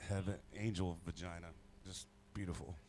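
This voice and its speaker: A man's voice: sits low, flat delivery, normal speed, dark tone, a little hiss or hum. A man who is a musician guest, drinking whiskey and chatting casually between songs in a rambling, crude, joking way.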